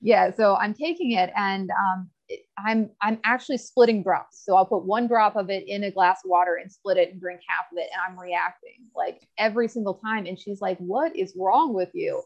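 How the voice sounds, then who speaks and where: A woman guest in a casual interview, telling her health story candidly with quick asides. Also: medium pitch. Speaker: podcast guest. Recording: slightly dull lo-fi audio.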